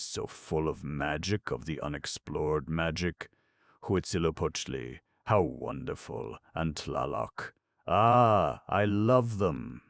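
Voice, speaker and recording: A man voicing an excitable, pale young man with a French accent who talks in an intense, gushing, rhapsodic way. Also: rumbling low, vocal fry, no echo, exaggerated voice.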